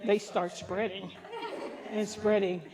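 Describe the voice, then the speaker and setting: An older woman pastor telling a comic story at a women's gathering, animated and laughing, acting out the voices of the people in it. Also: medium pitch, takes it slowly, crowd noise. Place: live gathering.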